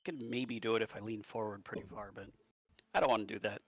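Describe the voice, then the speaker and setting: A man's voice: lowish voice, steady tone, fast talker, a bit bright, rough recording. A man playing a tabletop game, joking and wandering into nerdy tangents. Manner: rambling, jokey, prone to nerdy tangents. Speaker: player. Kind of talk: casual chat around a tabletop game.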